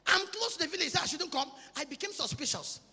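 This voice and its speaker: A man with a Nigerian accent preaching a sermon in an emphatic, sing-song way with shouted peaks. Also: very high voice, lively intonation, quick pace, gravelly, big-room sound. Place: large church hall.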